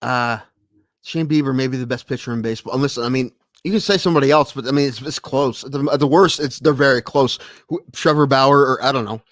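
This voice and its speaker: A man hosting a solo stream, chatting casually and rambling from thought to thought, growing excitable as he tells stories. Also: medium pitch, quick pace, no echo. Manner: scattered and rambling, with many restarts, then excitable when telling a story. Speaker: podcast host streaming solo.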